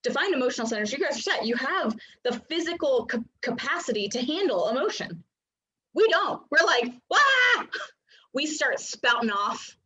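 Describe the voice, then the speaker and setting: High-voiced chatty woman coach. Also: lively intonation, normal speed, pushed and bright. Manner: chatty, many filler likes, acts out little voices. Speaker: human design coach. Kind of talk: casual teaching talk. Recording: dull lo-fi recording.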